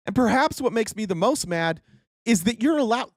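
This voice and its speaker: With big pitch swings and a high voice at normal speed, a thirty-something US man hosts a live-stream political rant, angrily repeating himself and swearing. The sound is clean studio audio with no echo.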